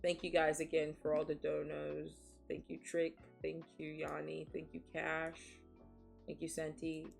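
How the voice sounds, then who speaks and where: A woman streaming from Nigeria, chatting casually with a very low, deep voice. She talks frankly and swears freely, sniffling a little after crying, and laughs often as she reads chat. Faint music plays under her. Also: monotone, a little slow, vocal fry.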